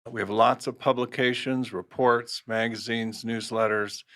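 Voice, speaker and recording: A man with a mid-range voice co-hosts a business podcast. He runs through a list of services briskly, in a plain, businesslike tone. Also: mid-range voice, fairly even intonation, a bit bright. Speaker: podcast co-host, trade association chief. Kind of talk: interview self-introduction.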